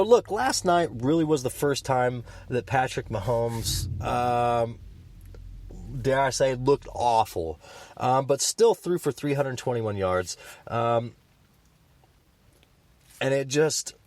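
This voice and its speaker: A man's voice: mid-range voice, animated, slow, long pauses, darkish tone, dry recording. A man co-hosting a sports podcast, talking in an emphatic, passionate and opinionated way. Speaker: podcast co-host.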